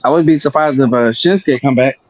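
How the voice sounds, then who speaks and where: A man co-hosting a casual stream who reacts loudly and laughs a lot. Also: medium pitch, a little fast, no echo. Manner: loud, excitable, laughing reactions. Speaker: co-host. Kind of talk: casual chat. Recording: dull lo-fi dry audio.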